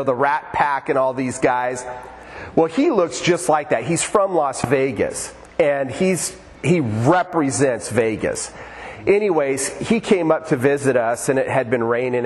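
A man's voice: a little high, in a large hall. An older man preaching a sermon in a church, conversational and storytelling, joking with the congregation. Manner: conversational, storytelling, jokes with the audience. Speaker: pastor. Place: church in Oregon.

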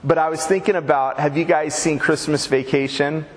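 A man's voice: fairly high pitch, steady tone, normal speed, in a large hall. A man preaching a sermon as pastor, conversational and folksy, with humorous asides to the congregation.

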